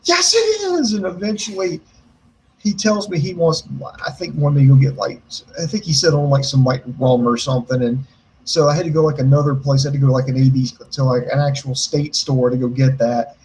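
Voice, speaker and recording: An American man co-hosting a casual show, telling a story in an animated way, swearing a lot and acting out the quotes. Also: medium pitch, fairly quick, slight background noise, poor audio. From United States. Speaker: podcast co-host.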